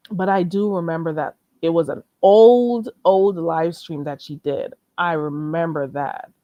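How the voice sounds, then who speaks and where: A woman's voice: fairly low pitch, darkish tone, dry recording, studio quality. Chatty woman rambling on a live stream. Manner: chatty, rambling, frequent asides to chat. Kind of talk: casual live stream chat.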